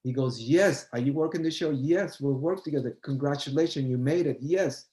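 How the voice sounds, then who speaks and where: A man's voice: on the high side, moderate pace, warm tone, echoey room, rough recording. An older man, a choreographer and guest, telling a story in a casual chat and acting out both sides of the remembered dialogue.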